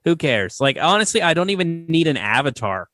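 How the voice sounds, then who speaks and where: Relaxed and opinionated, another podcast host talks casually in a slightly high voice at a fairly quick clip, filling his speech with fillers. The studio recording is clean and dry.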